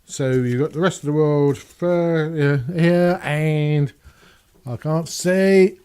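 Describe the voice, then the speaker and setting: A YouTube channel host in his fifties from England chats in a rambling, self-mocking way during a casual Q&A vlog from his small home studio. His voice is on the high side yet dark and smooth, slow-paced, with no room sound.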